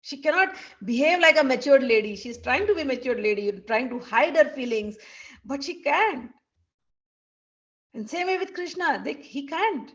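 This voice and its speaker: Animated woman telling a devotional story. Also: high-pitched, moderate pace. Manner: animated, acts out characters. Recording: dull lo-fi recording.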